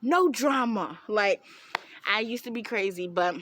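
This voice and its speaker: A young woman telling an animated storytime, breaking into laughs and shouts as she goes. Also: mid-range voice, unhurried, dry recording. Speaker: vlogger.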